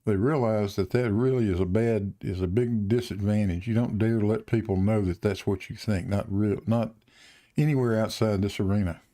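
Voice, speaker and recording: A man with a Southern drawl hosts a casual stream chat. His voice sits low and mellow, and he jokes loosely and restarts his sentences. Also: moderate pace. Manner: joking, with fillers and restarts. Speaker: host of a live stream.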